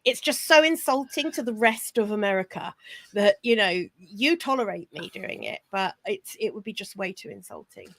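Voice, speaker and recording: Gravelly woman business coach. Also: medium pitch, sing-song, moderate pace, no room sound. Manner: chatty, self-correcting, laughs easily. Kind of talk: casual podcast chat.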